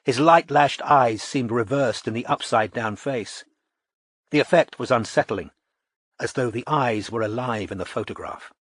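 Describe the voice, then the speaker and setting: A man narrates a novel as an audiobook, telling the story in a measured, even manner as scripted narration. His voice is mid-range, with no room sound and studio quality.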